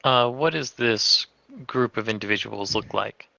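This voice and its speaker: A man's voice: on the low side, measured pace, creaky, sharp tone, no room sound, poor audio. A man playing a tabletop game who asks the game master curious questions. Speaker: player. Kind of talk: casual tabletop game chat.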